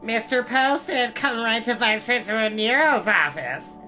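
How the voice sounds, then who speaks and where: A man voicing a pompous, loud adult male vice principal who mocks children, in a storybook reading. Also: expressive, measured pace, over music. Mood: mocking shriek. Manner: booming, mocking.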